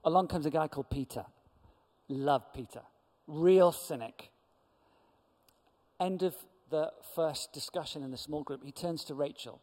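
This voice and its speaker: A man's voice: on the high side, unhurried. Storytelling man in a reverberant hall. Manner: lively storyteller who acts out quoted voices. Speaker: church speaker. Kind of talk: storytelling testimony talk.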